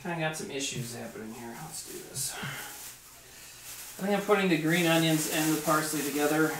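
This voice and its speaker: This man streams himself cooking in his home kitchen, rambling, chatting with viewers, and cursing now and then. His fairly high voice runs a little fast, and the roomy room picks up faint background noise.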